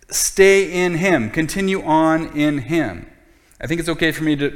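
Male pastor, sermon delivery, earnest and emphatic with repetition; higher-pitched voice, long hall reverb. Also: fairly bright tone.

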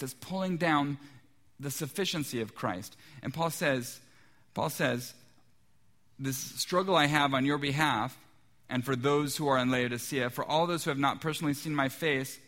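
A man in his thirties, a pastor preaching a sermon, often repeating words as he goes and jumping to higher voices when he quotes people. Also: fairly bright tone.

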